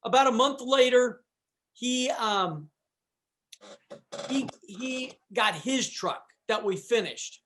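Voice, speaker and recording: A man's voice: extremely high pitch, slow, long pauses, a bit bright, a little hiss or hum. A man, a guest on a chat show, telling a long personal story in a loose, rambling way, full of restarts and asides. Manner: rambling, with restarts and "you know". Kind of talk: casual storytelling.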